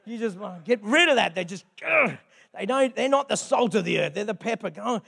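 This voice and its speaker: A man's voice: high voice, lively intonation, quick pace, gravelly, fairly bright tone, slightly rough. An older man, a grandfather, preaching a sermon in a chatty, conversational way with frequent asides. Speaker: pastor.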